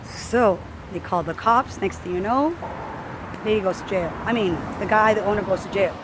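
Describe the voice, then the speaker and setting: A woman's voice: medium pitch, moderate pace, noisy background. A woman fitness coach telling a personal story in casual talk, acting out what others said. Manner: animated, acts out quoted voices.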